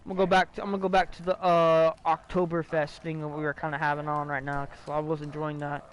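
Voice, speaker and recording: A man's voice: on the high side, completely flat delivery, fast, slight background noise, rough recording. A young man with a slightly raised voice chats casually to his stream audience. He rambles through a ghost story with restarts, fillers and plenty of swearing, in a loose, offhand way.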